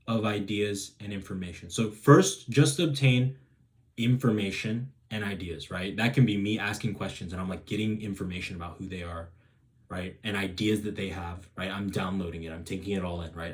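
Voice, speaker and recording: A man hosting a self-help video who talks in a rambling, casual way, restarting sentences and checking in with "right?". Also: fairly low pitch. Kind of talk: casual advice monologue.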